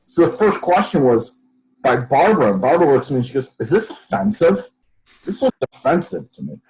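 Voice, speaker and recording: A man's voice: on the high side, a little fast, rough recording. A man telling a story as a podcast guest, acting out other people's lines as he goes. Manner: animated storyteller, acts out quotes. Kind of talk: storytelling in a casual interview.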